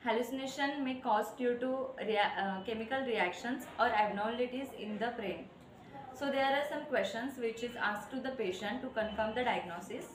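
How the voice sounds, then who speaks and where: Woman, hesitant, lesson, fairly high voice, echoey. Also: normal speed, noisy background. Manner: hesitant, with many fillers. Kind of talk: classroom presentation. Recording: echoey room.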